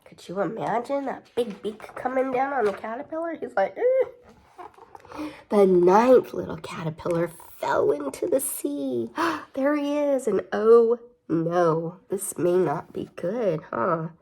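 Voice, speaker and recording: A woman's voice: fairly high pitch, expressive, unhurried, darkish tone. A young woman reading a picture book aloud to children, chatty, with playful asides and questions. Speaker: storybook reader.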